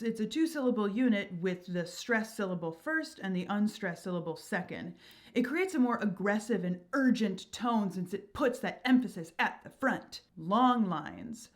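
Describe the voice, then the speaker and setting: A woman hosting her own channel, explaining verse and meter in an upbeat, enthusiastic, teacherly way. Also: medium pitch. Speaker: channel host.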